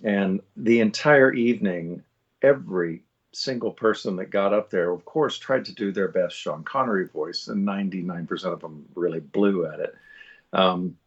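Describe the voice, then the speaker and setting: A male voice actor and guest on a live show, telling a long anecdote in an animated way with many fillers and restarts. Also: low-pitched, normal speed, husky, lo-fi sound.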